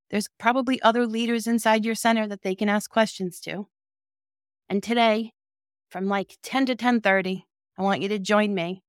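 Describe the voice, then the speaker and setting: A woman's voice: medium pitch, dry recording, clean studio sound. A woman coaching child care directors in a direct, encouraging and emphatic way. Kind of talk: motivational talk to camera.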